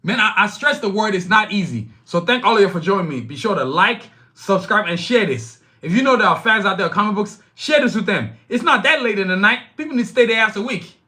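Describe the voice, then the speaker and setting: Man, podcast host, live stream, blunt, profane, emphatic, high voice. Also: expressive, fast talker, hardly any pauses, bright, forceful tone. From Nigeria. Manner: emphatic, blunt and profane, talks straight to chat.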